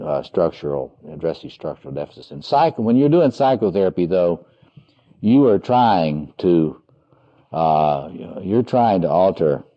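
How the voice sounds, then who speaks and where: A man with a very low voice delivers a seminar lecture, stopping often on "uh" and restarting his sentences. He leans hard into the points he wants to stress. The recording is dull and lo-fi. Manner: halting, heavy with "uh" fillers and restarts; emphatic on key points. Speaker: lecturer on psychotherapy.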